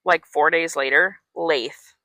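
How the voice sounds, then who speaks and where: Podcast co-host, female, animated storyteller, bright tone, dry close sound. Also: deep voice, slow, no room sound. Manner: animated storyteller, acting out characters' lines, swearing, many "like"s. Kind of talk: casual chat, retelling a book plot.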